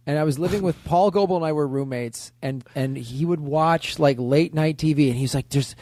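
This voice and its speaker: A man's voice: fairly high pitch, moderate pace, no room sound, clean studio sound. A male comedian guest telling a story in casual chat, swearing and acting out other people's lines. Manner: animated, acts out voices, swears.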